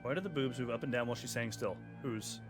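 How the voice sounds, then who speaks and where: A man streams a video game with game music behind him, offering casual commentary in a fast, mid-range voice. He chats and jokes along the way, sometimes slipping into silly accents.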